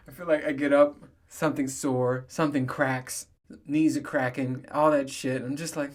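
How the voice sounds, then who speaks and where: A man's voice: mid-range voice, little pitch movement, moderate pace. A man in his thirties hosting a podcast, telling crude stories on his own with heavy swearing and frequent laughter. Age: 30s. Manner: profane, storytelling, laughs often. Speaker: podcast host. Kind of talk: casual solo monologue.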